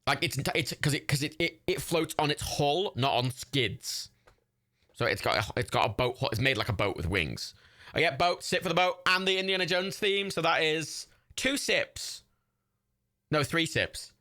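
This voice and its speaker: A man's voice: on the high side, expressive, normal speed, pushed and bright. A man, hosting a livestream and giving casual, rambling watch-party commentary. He swears freely and laughs often. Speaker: livestream host.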